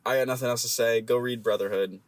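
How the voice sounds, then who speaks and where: A man's voice: mid-range voice, steady tone, fast talker, dry recording. A young man co-hosting a podcast in casual chat, fidgety and self-conscious, often apologizing. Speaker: podcast co-host.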